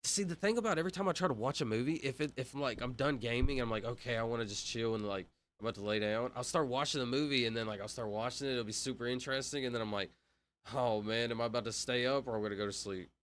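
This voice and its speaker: A young man chatting casually on a livestream while gaming, relaxed and rambling, full of slang. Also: medium pitch, fast talker, faint music behind. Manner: relaxed, rambling, slangy, says "bro" often.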